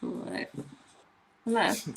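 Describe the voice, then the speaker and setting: A woman's voice: drawn-out words, slight background noise. A woman in casual stream chat, crude and teasing, laughing often.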